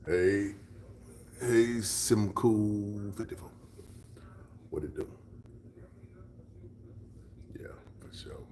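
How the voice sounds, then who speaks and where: A very deep-voiced man rambles through a casual livestream chat, answering his viewers by name. He slips into a whisper for asides, and his voice rings in a roomy, echoey space. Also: takes it slowly, a little mellow. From Texas. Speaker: livestream host.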